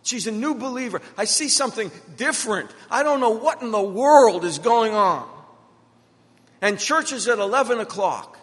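A man's voice: high-pitched, lively intonation, moderate pace. A middle-aged man preaching a sermon as pastor, driving his points home with emphatic repetition and personal stories. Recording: long reverb of a hall.

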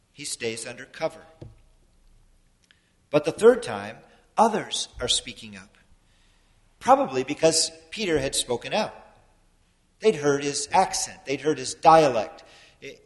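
Man preaching in a reverberant hall. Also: a little high. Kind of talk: sermon.

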